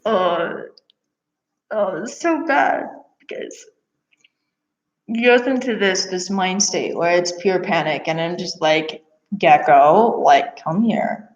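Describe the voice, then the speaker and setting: A woman's voice: on the low side, slow pace, long pauses. Chatty young woman laughing through a story. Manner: animated, laughs often, many fillers. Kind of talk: casual storytelling. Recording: echoey room, dull lo-fi sound.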